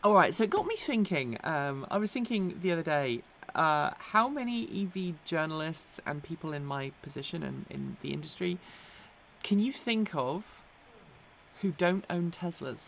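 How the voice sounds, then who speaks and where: Hosting a casual electric vehicle news stream, a very animated English woman reads out viewer comments at normal speed in a low-pitched, creaky voice. She rambles, fills gaps with ums, laughs readily, and her accent now and then edges toward American. The recording is slightly dull, with faint background noise.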